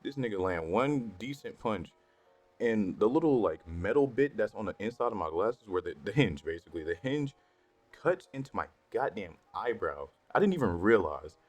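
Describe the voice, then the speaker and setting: Young man with a very low voice, profane casual storyteller, light music behind. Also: moderate pace. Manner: profane, slangy, animated when worked up. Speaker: storytime vlogger. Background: faint background music.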